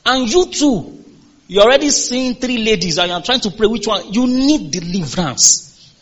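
A male pastor preaches with an emphatic, rising-and-falling delivery, pressing his listeners for answers. His voice sits high and carries a husky grain. The recording is dull and lo-fi. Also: animated, normal speed. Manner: emphatic, call-and-response with congregation. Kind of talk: sermon.

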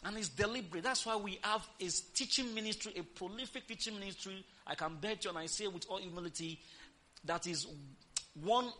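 A woman pastor preaching an emphatic sermon, firing rhetorical questions at the congregation and breaking into loud exclamations. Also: mid-range voice, a little fast.

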